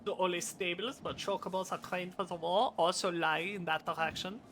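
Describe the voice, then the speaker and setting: A streamer voicing a formal officer, reading game dialogue in a measured way. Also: mid-range voice, steady tone, fairly bright tone, a little hiss or hum, close to an everyday voice.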